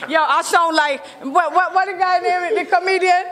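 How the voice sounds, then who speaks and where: A Jamaican woman answers questions in a loud, teasing, boastful way. Her voice sits high and bright. A long reverb trails each word. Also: steady tone, normal speed. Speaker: interviewee. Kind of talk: casual interview talk.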